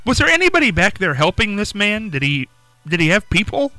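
Lively, bright-voiced male interviewer, dry sound. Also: high voice, dry recording, soft background music. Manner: halting, repeats words when asking. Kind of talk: interview questions.

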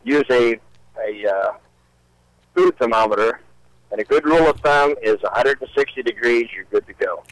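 A man calling in to a radio show, speaking haltingly and repeating his words as he gives advice. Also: medium pitch, no echo, rough recording. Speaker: caller. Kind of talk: phoned-in radio call.

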